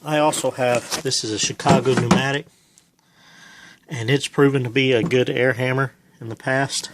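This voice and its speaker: A man with a medium-pitched voice speaks at a moderate pace and fairly even intonation over a very noisy background. He's a home mechanic filming a repair in his garage for a casual how-to vlog, rambling folksily and saying um a lot.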